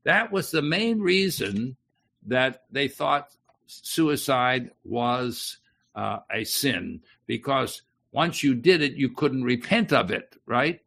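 A man's voice: medium pitch, creaky, a bit bright. A man teaching from the Bible off the cuff, rambling a little with fillers and restarts and putting questions to his listeners.

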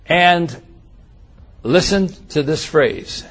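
A man with a slightly raised, husky voice gives a Bible teaching. He reads scripture slowly and leans hard on key words, then explains in a plain speaking tone. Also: a little high, lively intonation.

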